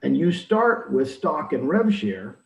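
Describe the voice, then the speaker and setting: An older man in real estate recruiting who talks in an energetic, emphatic coaching style and acts out quoted dialogue. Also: a little high, slow, creaky. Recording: roomy, distant, dull audio.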